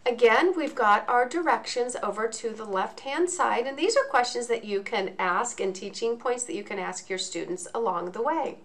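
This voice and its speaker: A woman's voice: a little high, expressive, moderate pace, few pauses. A woman teacher patiently walking through how to split words, step by step. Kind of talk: instructional walkthrough.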